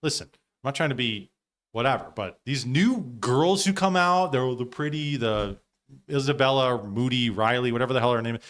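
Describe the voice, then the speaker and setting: A man's voice: medium pitch, lively intonation, normal speed, a bit bright. A man hosting a live stream, commenting casually with loose, profane asides. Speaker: stream host.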